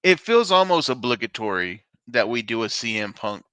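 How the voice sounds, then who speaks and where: Lively casual podcast host, man. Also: medium pitch, normal speed, clean tone, no echo. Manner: hypes things up, swears casually. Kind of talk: casual chat.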